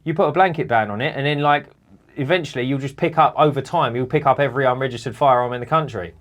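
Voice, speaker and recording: A man with a London accent, co-hosting a podcast in casual chat and telling animated, slangy stories. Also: mid-range voice, quick pace. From England. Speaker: podcast co-host.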